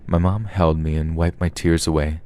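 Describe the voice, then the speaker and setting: A man narrating scary stories in a steady, even storytelling manner, as the host of a horror reading podcast. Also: a bass voice, moderate pace, smooth. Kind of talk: scripted narration.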